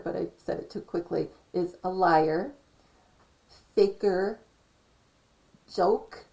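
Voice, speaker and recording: Slow, gravelly-voiced woman vlogger. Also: lowish voice, darkish tone, poor audio. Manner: self-correcting, digressive, reads from notes. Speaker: conspiracy vlogger. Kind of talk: casual rambling commentary.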